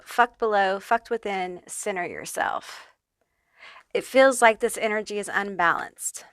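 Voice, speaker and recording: A woman's voice: medium pitch, fairly bright tone, smooth, dry recording. Chatty, foul-mouthed woman reading tarot. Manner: chatty and profane, many fillers and check-in okays. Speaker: tarot reader. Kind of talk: casual pick-a-card tarot reading.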